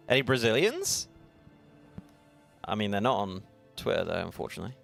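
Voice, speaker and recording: Lively Australian man, gravelly. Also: fairly low pitch, moderate pace, soft background music. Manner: playful, chatty, laughs often. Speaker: stream co-host. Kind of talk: casual live-stream chat.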